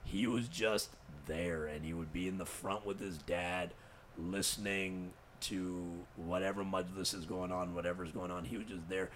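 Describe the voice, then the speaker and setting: Young man, very low voice, emotional, rambling, lots of swearing, casual chat. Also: fairly even intonation, normal speed, a bit bright, a little hiss or hum. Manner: emotional, rambling, heavy cursing, mixes in Urdu words. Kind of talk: casual conversation.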